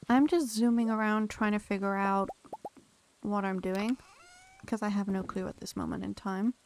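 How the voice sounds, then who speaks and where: While playing a game live, a young woman chats casually and calls out viewers by name to thank them. She speaks at a moderate pace in a mid-range, darkish voice with fairly even intonation, against slight background noise.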